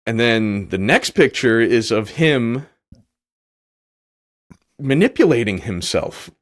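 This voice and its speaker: Animated rambling storyteller, a man. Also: medium pitch, slow pace. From New York. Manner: rambling, heavy use of "like". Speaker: podcast host. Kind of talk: casual storytelling.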